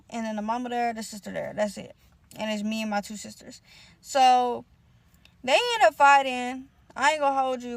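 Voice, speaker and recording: A young woman tells a messy family story in a loose, profane storytime way, with speech. Her voice sits a bit high, and she acts out every quoted line. The recording is dry and close. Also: no echo. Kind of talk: casual storytime vlog.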